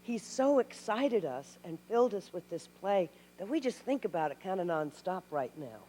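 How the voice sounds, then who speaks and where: A woman from Tennessee, a guest at a live Q&A, telling animated stories with laughs and restarts. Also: fairly low pitch, moderate pace, slight background noise. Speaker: actress guest. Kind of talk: live Q&A storytelling. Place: stage before a live audience. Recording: hall reverb.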